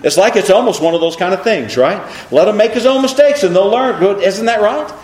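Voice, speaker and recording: Animated preacher man in an echoey room. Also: high-pitched, fairly quick. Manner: animated, asks the congregation rhetorical questions. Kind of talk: sermon.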